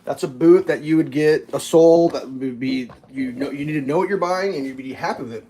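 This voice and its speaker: A man's voice: a little high, brisk, warm tone. Rambling, foul-mouthed man ranting casually. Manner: rambling and profane, with many fillers. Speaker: channel host. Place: at a breakfast table.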